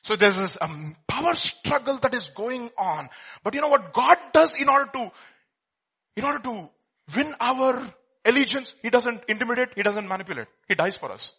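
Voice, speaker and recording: Husky-voiced preacher swinging hushed to loud. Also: male voice, extremely high pitch, expressive, normal speed. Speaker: pastor. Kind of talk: sermon.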